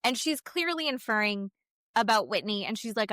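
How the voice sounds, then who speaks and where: A woman's voice: on the high side, animated, a little fast, fairly bright tone, dry recording, clean studio sound. A woman co-hosting a podcast, recapping reality TV in casual chat, blunt and profane, acting out what the cast members said. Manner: blunt, swears freely, acts out quotes. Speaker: podcast co-host.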